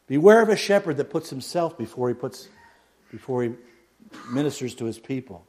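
Preacher with dramatic volume swings. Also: male voice, mid-range voice, animated, a little fast. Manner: dramatic swings from hushed to loud, mocks a pompous prayer voice. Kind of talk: sermon.

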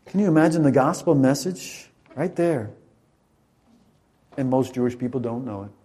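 A man's voice: mid-range voice, expressive, normal speed, mellow. A man preaching in a church, leading a Passover demonstration and joking playfully with volunteers. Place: church sanctuary.

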